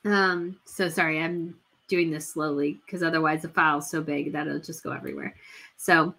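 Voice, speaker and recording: A woman's voice: sits low, fairly even intonation, moderate pace, gravelly, pushed and bright. A woman hosting a casual livestream, gushing and chatty, with many fillers and restarts. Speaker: royal news livestream host.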